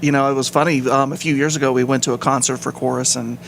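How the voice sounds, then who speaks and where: Relaxed, modest man, business owner. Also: medium pitch, fast, creaky, a little hiss or hum. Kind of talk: casual chat.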